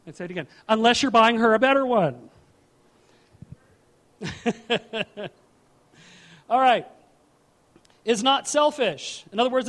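A male pastor preaching a sermon in an animated, humorous way, repeating his key phrases. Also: very high-pitched.

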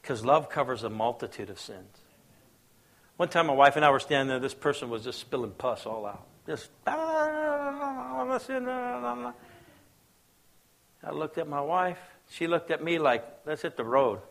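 A man preaching a sermon as pastor, telling stories, acting out quoted voices and asking the crowd if they follow. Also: fairly quick. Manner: storytelling preacher, acts out quoted voices, asks the crowd questions; swings between hushed low asides and loud raised bursts.

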